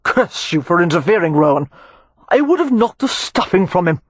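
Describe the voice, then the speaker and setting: An audiobook narrator voicing a drunken, ungrateful gentleman who growls his words. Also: medium pitch, very animated, normal speed, slightly rough, no room sound. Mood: angry.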